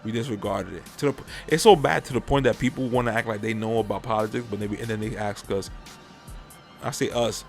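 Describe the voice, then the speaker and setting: A man's voice: lowish voice, fast talker, vocal fry, faint music behind. A man hosting a podcast in casual chat, rambling and swearing freely as he airs his opinions. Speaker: podcast host.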